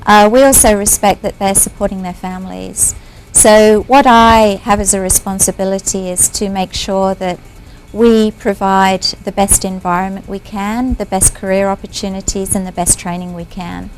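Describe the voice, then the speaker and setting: A woman's voice: mid-range voice, steady tone, moderate pace, a little hiss or hum, low-quality recording. A woman, a business owner speaking as a guest in a TV studio interview in an upbeat, playful way. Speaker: company owner.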